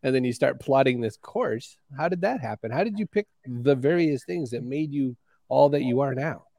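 A man's voice: medium pitch, animated, normal speed, creaky, dark tone, dry recording, clean studio sound. A man hosting a casual interview show, asking questions and reading sponsor ads in a chatty, playful way. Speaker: show host.

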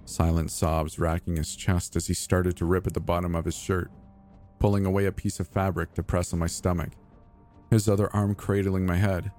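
A man with a very low, deep voice narrates a horror story in the first person. His delivery is measured and deliberate, and soft music plays faintly underneath. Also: level tone.

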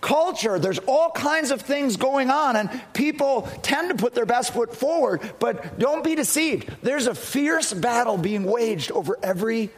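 A man's voice: extremely high pitch, lively intonation, a little slow, hardly any pauses. A middle-aged male pastor telling a personal story in an earnest sermon, often restarting his sentences.

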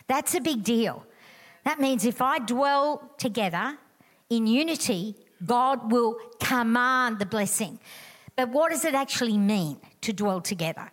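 A woman's voice: on the high side, expressive, unhurried, a bit bright. A middle-aged woman preaching a sermon in an emphatic, conversational way, repeating her key lines.

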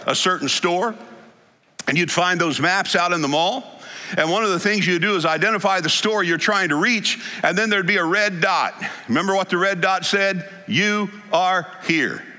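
A man's voice: high voice, bright, forceful tone. A man preaching a sermon in a church sanctuary, in an emphatic style that stresses single words. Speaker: pastor. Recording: long hall reverb.

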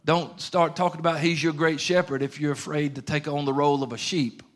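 A man's voice: on the high side, fairly even intonation, brisk. A man preaching a sermon in an earnest, conversational way, using plain everyday grammar.

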